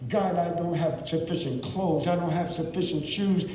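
A man's voice: fairly high pitch, moderate pace, dark tone, a little hiss or hum, close to an everyday voice. A man voicing a poor man praying to God for help. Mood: pleading. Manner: pleading. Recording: distant echoey church hall.

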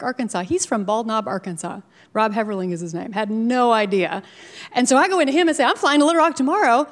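A woman in her forties from Minnesota, a TV news anchor telling her personal story to a live audience, lively with asides. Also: medium pitch. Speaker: TV news anchor speaking at a startup event. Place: event venue. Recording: live talk with long hall reverb.

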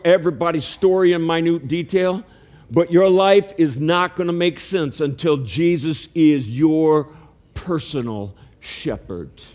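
A man pastor preaching a sermon in a church, earnest and animated, sometimes acting out calls to his flock. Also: on the high side. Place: church sanctuary.

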